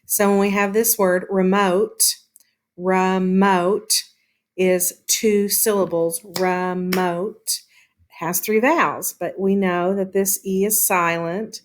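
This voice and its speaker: A woman teacher talks young pupils through a recorded lesson. She is patient and explains one step at a time, pausing on an occasional um. Her voice sits at an ordinary middle pitch. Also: steady tone.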